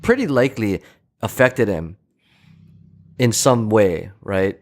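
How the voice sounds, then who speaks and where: A man's voice: fairly low pitch, expressive, slow pace. A man co-hosting a podcast, speaking thoughtfully and tentatively in a casual chat. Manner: thoughtful and tentative, searching for words. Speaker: podcast co-host.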